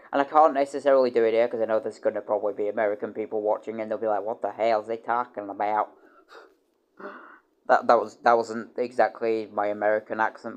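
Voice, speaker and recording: A man livestreaming in a casual rambling chat. He swears freely and keeps stopping and restarting his sentences. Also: dull audio. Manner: rambling, full of restarts and repeated words; animated, with loud excited jumps in pitch.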